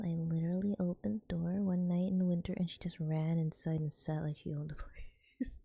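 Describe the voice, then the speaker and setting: A young woman streamer, softly whispering and giggling as she chats to her viewers in an ASMR stream. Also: lowish voice, fairly even intonation, unhurried, vocal fry, husky.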